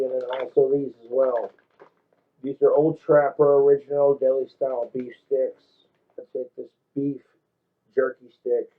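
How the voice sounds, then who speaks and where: A man's voice: medium pitch, phone-quality sound. Exasperated, self-scolding man vlogging his cooking. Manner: frustrated, self-scolding, heavy swearing; talks to himself and the camera while cooking. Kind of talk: casual cooking vlog.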